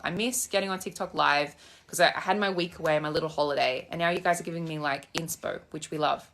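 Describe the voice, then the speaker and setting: Speaking fast in a low, creaky, slightly bright voice with fairly even intonation, a young woman coaches manifestation on a casual live stream, answering comments. She's sassy, blunt, and swears freely while out on a walk, phone held in her hand.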